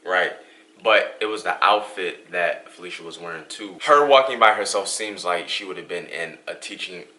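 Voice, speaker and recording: A young man from Western New York hosts a couple's vlog, telling a story in a casual, animated way. His voice sits very low, with a bright, forward tone. He acts out the lines of the people in his story. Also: normal speed. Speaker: vlog host.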